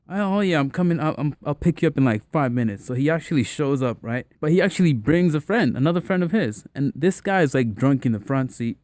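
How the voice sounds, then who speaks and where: A young man casually telling a personal story to the camera in a relaxed, slangy way, acting out the people in it. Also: mid-range voice, clear, resonant tone, no echo. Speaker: vlogger.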